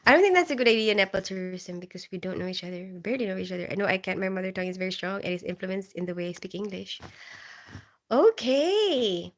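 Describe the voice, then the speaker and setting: A woman's voice: mid-range voice, animated, fast. Woman, from the Philippines, livestream host, casual chat, giggly, reads comments aloud. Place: bedroom.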